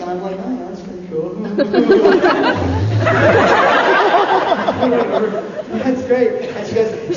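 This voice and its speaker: A man who is a guest at a convention panel tells a comic anecdote on stage, animated and laughing, acting out what others said. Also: high voice, unhurried. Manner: animated, laughing, acts out quotes. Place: large convention hall before an audience. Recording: echoey hall, distant mic, dull sound, audience noise.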